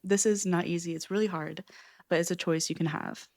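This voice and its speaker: A young woman with a low voice reflects candidly in a personal vlog. She speaks earnestly and openly and often uses "like" as a filler. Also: fairly even intonation, brisk, creaky, darkish tone. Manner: earnest, open, with frequent "like" fillers. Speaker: self-help book vlogger.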